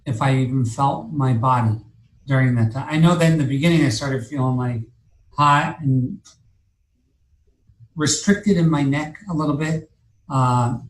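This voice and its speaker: A man's voice: mid-range voice, fairly even intonation, measured pace, pauses often, reverberant, rough recording. A man telling a long personal story in casual talk, rambling and profane, with many restarts and fillers. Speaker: guest telling his story.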